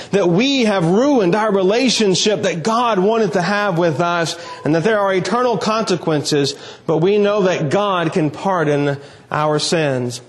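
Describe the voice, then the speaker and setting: A man preaching a sermon, reading scripture aloud and then speaking in an earnest, emphatic way with slow, weighty pauses. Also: high-pitched.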